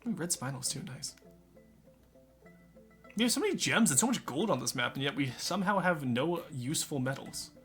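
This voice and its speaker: A man's voice: a little high, animated, moderate pace, long pauses, fairly bright tone, soft background music. Chatty man streaming a game. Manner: chatty, joking, talks to chat. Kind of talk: casual live game commentary.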